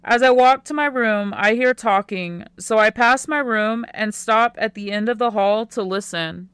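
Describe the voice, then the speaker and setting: A woman narrating a first-person teen romance audiobook in a quiet, unhurried way. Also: on the high side, clear, resonant tone, no room sound, clean studio sound.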